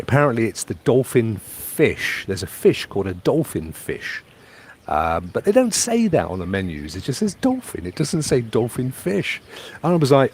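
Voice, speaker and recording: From a private pool on holiday, a man from England chats casually on a live stream, rambling about his trip and reading out viewer comments. His mid-range, slightly rough voice swoops wildly in pitch at a normal speed.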